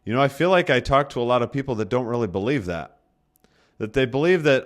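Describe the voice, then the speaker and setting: A man's voice: medium pitch, expressive, quick pace. A man, a pastor, preaching a sermon in a conversational way, restating his points for emphasis and often correcting himself mid-sentence. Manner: frequent self-corrections and restarts.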